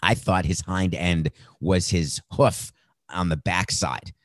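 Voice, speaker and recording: A man's voice: deep voice, steady tone, takes it slowly, dry recording. A man hosting a sports talk show, giving sarcastic, incredulous commentary with laughing asides. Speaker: host.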